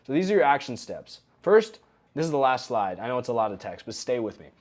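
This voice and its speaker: A young adult man giving a recorded coaching lesson in a relaxed, conversational way, often acting out example phrases. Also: mid-range voice, fairly quick. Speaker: coaching course instructor.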